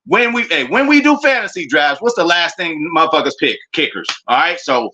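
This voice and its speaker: A man streaming a casual, excitable reaction to his football team's draft picks, full of slang and talking straight to his chat. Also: on the high side, a little fast, muffled recording, a little hiss or hum. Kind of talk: casual live reaction commentary.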